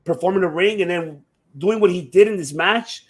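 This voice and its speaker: An excitable man with a fairly high voice chats casually as a show host. He swears a lot and rambles, restarting his sentences often. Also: normal speed. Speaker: podcast host. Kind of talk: casual chat about wrestling.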